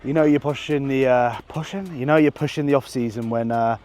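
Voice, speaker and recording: A man's voice: medium pitch, brisk, darkish tone. A man in his thirties, a bodybuilding vlogger talking casually to a handheld camera on an outdoor walk, blunt and full of swearing.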